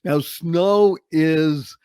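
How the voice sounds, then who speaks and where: A man in his seventies from Boston, telling stories as an interview guest, with dramatic slow-downs. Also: on the high side, smooth, no room sound. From Boston, United States. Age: 70s. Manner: expressive, with dramatic slow-downs and acted-out quotes. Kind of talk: animated storytelling interview.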